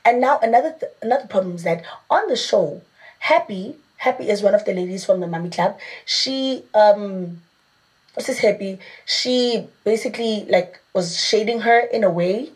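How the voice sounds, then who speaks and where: Woman, South African accent, podcast co-host, animated storytelling, mid-pitched. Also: normal speed. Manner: acts out quoted people, lots of "like".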